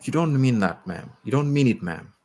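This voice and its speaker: A man's voice: medium pitch, lively intonation, moderate pace, darkish tone, voice pushed up, close to an everyday voice. A man voicing a poor, shivering young woman in a story reading, with a hesitant, stammering way of speaking. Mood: timid. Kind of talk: reading a short story aloud.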